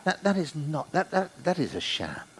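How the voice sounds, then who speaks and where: An older man in his sixties gives a sermon in a church. His fairly high voice swings widely in pitch as he preaches, playful and animated. He acts out the people he quotes. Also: moderate pace. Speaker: guest preacher.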